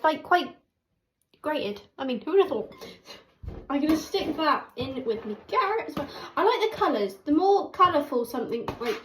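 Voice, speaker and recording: A woman chatting casually while she cooks, rambling and poking fun at herself. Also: high-pitched. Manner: chatty, rambling, self-mocking. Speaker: cooking vlogger. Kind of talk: casual cooking chat. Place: home kitchen. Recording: echoey kitchen with background noise.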